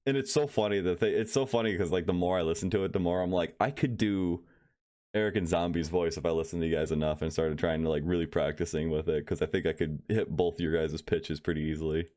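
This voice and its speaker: A man's voice: low voice, quick pace, mellow. A young man co-hosting a casual podcast, rambling and musing with many fillers and frequent laughs. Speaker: podcast co-host.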